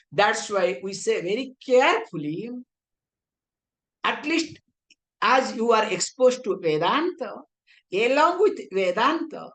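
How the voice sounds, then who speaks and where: A woman with an Indian English accent leads a spiritual philosophy class in a slightly high voice. She talks in a conversational way and keeps checking whether her listeners understand. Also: fairly bright tone. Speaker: Vedanta teacher.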